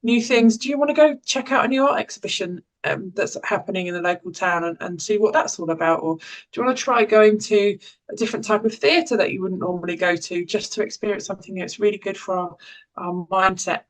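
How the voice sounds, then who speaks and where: A woman's voice: mid-range voice, fairly quick, low-quality recording. English woman giving a chatty well-being talk. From England. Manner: warm conversational, with restarts and little laughs. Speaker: educational psychologist and parent caregiver.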